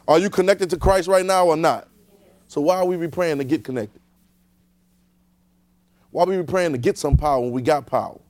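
A man preaching in a loose, conversational way, circling back on his words and firing questions at his listeners. His voice sits somewhat high, and the sound is close and dry with no room echo. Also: brisk, long pauses, a little mellow. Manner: repetitive, rhetorical questions to the congregation. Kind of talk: conversational sermon.

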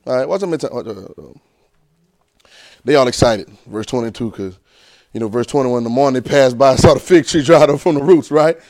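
A man preaching a sermon, emphatic and repetitive, who swings from shouts to quiet asides and keeps asking the congregation rhetorical questions in colloquial speech. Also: medium pitch, brisk, no room sound, clean studio sound.

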